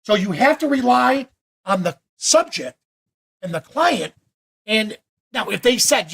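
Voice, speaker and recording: A man teaching photo editing during a live video-call session, talking in a chatty, animated way with frequent restarts. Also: sits high, unhurried, gravelly, pauses often, slightly rough. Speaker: photography workshop instructor. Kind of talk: live online Q&A demo.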